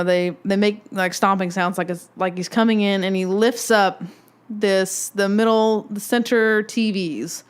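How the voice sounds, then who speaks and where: A woman in her twenties hosting a casual solo podcast, telling a rambling, excitable fan story. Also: mid-range voice, clean tone. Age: 20s. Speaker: podcast host.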